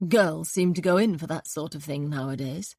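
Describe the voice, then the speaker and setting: A woman reading an audiobook, voicing a chatty upper-class gentleman detective with playful drawling asides. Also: low voice, moderate pace, no room sound, studio quality, pitched below the performer's own voice. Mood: musing.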